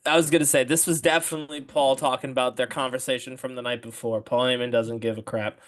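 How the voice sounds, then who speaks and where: A man's voice: medium pitch, level tone, fast. A man co-hosting a casual podcast, mostly agreeing and giving short opinions. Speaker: podcast co-host.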